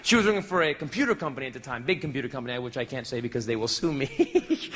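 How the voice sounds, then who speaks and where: Brash self-mocking male comedian, high and lively. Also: very fast, few pauses, a little hiss or hum. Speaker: stand-up comedian. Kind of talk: stand-up comedy storytelling.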